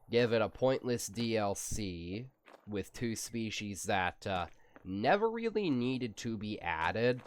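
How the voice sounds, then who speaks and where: Male gaming host, stuffy nose, low voice, unhurried rambling commentary. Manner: rambling, relaxed, drawn-out. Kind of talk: casual gameplay commentary.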